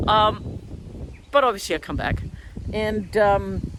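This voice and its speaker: A woman telling a personal spiritual story to camera outdoors, frank and animated, swearing freely. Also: medium pitch, moderate pace, pauses often. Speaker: spiritual channeller and podcaster. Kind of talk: casual storytelling vlog. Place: outdoors, standing on the ground. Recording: wind noise on the mic outdoors.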